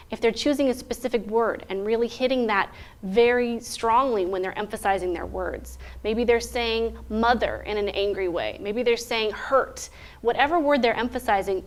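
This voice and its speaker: A woman teaching interpreters in a clear, methodical way, often posing rhetorical questions. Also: on the high side, moderate pace. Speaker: interpreter trainer. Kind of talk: instructional talk.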